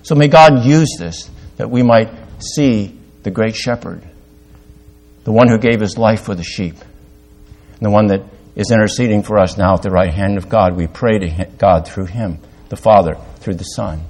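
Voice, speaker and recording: Older male pastor, emphatic sermon. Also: moderate pace. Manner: lively, swinging between loud emphatic peaks and quiet confessional lows.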